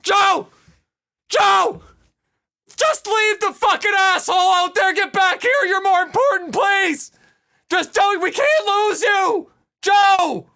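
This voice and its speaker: A man voicing a frantic woman platoon leader who shouts and pleads from the trenches. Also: very high voice, takes it slowly, pitched above the performer's own voice, full character voice. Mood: pleading.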